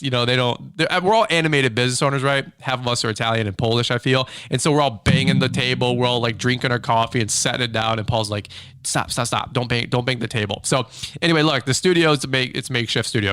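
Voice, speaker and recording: A man hosting a casual business podcast from a small makeshift studio, talking in an animated, rambling way with many fillers and restarts. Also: medium pitch, quick pace, clear, resonant tone, dry recording. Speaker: podcast host, lawn care business owner. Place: small makeshift home studio with a hard wood table.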